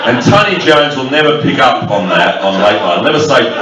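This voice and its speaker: A man performing stand-up in a packed club, barking out crude jokes and needling the audience. His lively, swooping delivery is picked up from a distance, with the room's heavy echo and loud laughter all around him. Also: medium pitch, normal speed, hardly any pauses, heavy background noise. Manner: crude, abrasive crowd-work with shouted impressions. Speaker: stand-up comedian. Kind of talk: stand-up comedy set. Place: club function room with a live audience. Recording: distant mic in a crowded echoey club.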